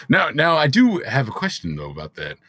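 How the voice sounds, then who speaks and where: A man co-hosting a casual podcast chat, laughing often and pausing with fillers. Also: mid-range voice, fairly bright tone, slightly rough, no echo. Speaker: podcast co-host.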